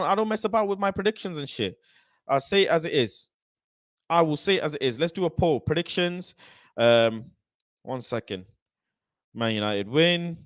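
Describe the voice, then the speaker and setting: Animated young football fan host. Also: male voice, medium pitch, dry recording, studio quality. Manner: animated, swears freely, repeats phrases, London slang. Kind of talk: live-stream chat reading comments.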